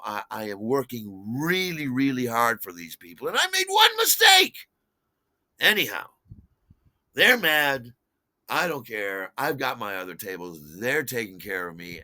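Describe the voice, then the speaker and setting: A man in his sixties with a medium-pitched voice, recorded without echo, casually shares a personal story. He's animated and rambling, with many fillers and restarts, acting out quotes.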